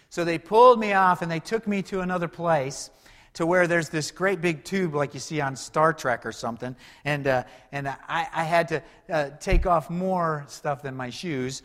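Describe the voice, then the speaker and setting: A man's voice: on the high side, normal speed. Conversational male preacher in a reverberant hall. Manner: conversational preaching with rhetorical questions and wide swings in loudness. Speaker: pastor. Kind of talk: sermon.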